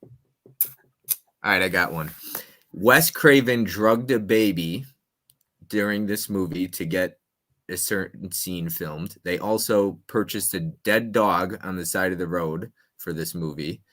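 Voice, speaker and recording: A man hosting a casual movie-trivia chat, playful and restless, his voice jumping between loud and quiet. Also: low voice, measured pace. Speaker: host.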